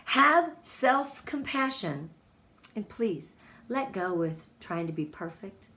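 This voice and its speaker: A woman's voice: medium pitch, fairly bright tone. A woman giving an emotional, encouraging motivational talk to her sales team as a guest speaker.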